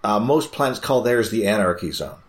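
A man co-host in casual chat, joking and halting with fillers. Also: fairly low pitch, lively intonation, background noise. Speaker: podcast co-host.

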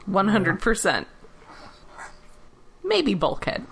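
Expressive, giggly woman chatting. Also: medium pitch, takes it slowly, gravelly, slightly rough. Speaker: podcast co-host. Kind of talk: casual chat about cartoons.

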